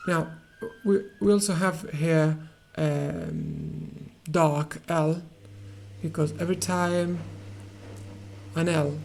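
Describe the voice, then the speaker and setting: A man teaching an English pronunciation lesson, hesitating often with fillers and restarts and repeating words slowly to model their sound. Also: a little high, lively intonation, gravelly, darkish tone, slight background noise, rough recording.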